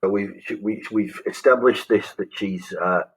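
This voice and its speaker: A man's voice: fairly low pitch, unhurried, slightly rough, low-quality recording. A man, casually talking through a script example as a teacher. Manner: casual, thinking aloud with restarts. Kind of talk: explaining a script.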